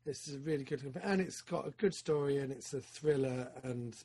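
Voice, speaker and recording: Excitable husky man. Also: medium pitch, moderate pace. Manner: excitable, rambling with many fillers. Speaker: podcast co-host. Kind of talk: casual film chat.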